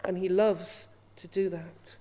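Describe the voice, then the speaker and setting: Earnest woman preaching, mellow voice. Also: fairly low pitch, fairly even intonation, takes it slowly. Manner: earnest, frequent rhetorical questions. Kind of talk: sermon.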